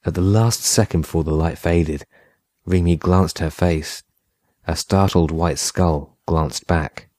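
A man narrating a horror short story in a measured, unhurried way. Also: low voice, steady tone, darkish tone, no echo, clean studio sound. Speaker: audiobook narrator.

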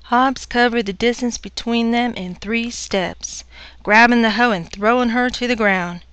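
A woman narrating a dark story in a measured, even delivery. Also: fairly high pitch, clean tone, dry recording.

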